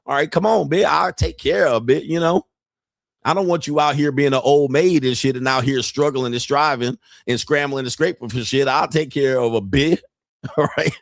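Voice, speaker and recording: A man's voice: mid-range voice, normal speed, creaky, no echo, studio quality. A man hosting a show, delivering a crude comedic rant in a boastful, profane, mocking way. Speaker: show host.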